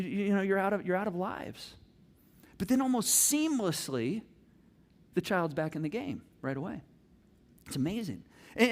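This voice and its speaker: A middle-aged man preaching a sermon as pastor, telling family stories and acting out the scenes with animated energy. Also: sits high.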